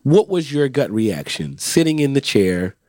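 A man with a raspy voice co-hosting a podcast in casual, teasing chat. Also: medium pitch, sing-song, measured pace, a little mellow, no echo, studio quality. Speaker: podcast co-host.

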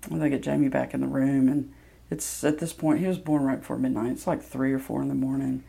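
A woman's voice: extremely low pitch, steady tone, brisk, vocal fry, dark tone, breathy edge. A woman from Mississippi, candidly telling a personal story with plenty of ums. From Mississippi, USA. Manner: candid, self-deprecating, loose with fillers.

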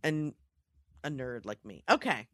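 A woman co-hosting a podcast in casual chat, playful and quick to laugh. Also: a bass voice, very animated, a crowd in the background. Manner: playful, giggly storyteller. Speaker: podcast co-host.

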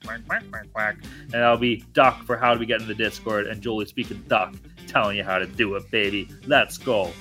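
A man's voice: lowish voice, fairly even intonation, fairly quick, bright, forceful tone, soft background music. A man hosting a podcast in casual sports betting chat, loose, profane and hyped-up. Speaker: podcast host.

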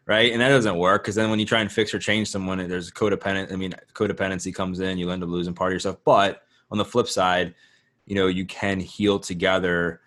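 A man's voice: low voice, level tone, a bit bright. A man hosting an interview, talking casually with many fillers and restarts. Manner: casual, filler-heavy, halting. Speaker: podcast host. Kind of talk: interview conversation.

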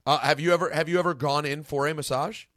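A man hosting a casual podcast chat, talking in an excitable, rambling way. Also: on the high side, fast, dry recording, studio quality. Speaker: podcast host.

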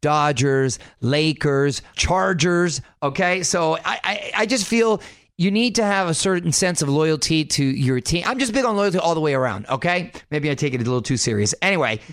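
Middle-aged male entertainment host, self-described shouter, SoCal guy, dry studio mic. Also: on the high side, expressive, moderate pace, no room sound. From Southern California. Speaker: radio show host. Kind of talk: upbeat entertainment radio chat. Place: radio studio. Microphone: studio microphone.

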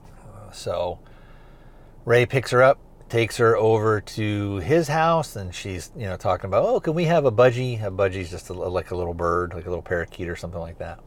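A podcast host with a low-sitting voice and moderate pace reviews a TV series, recapping an episode loosely and rambling. He leans on fillers like "kinda" and "you know."

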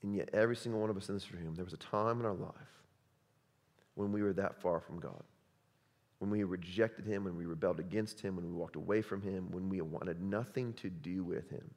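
A man preaching a sermon as pastor, impassioned, swinging between loud urgent passages and hushed quiet ones. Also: sits low, fairly quick, in a large hall.

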